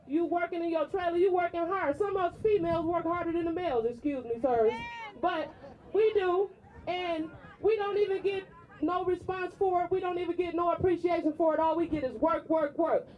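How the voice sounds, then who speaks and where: A woman's voice: extremely high pitch, fairly even intonation, brisk, muffled recording. A woman worker giving an indignant, emphatic rally speech, driving points home by repeating them. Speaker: striking warehouse worker.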